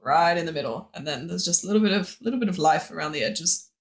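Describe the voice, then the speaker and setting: A woman's voice: low-pitched, animated, fast. A woman with an Australian accent, a historian guest in a podcast interview, talking with witty, dry humor. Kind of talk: casual interview chat.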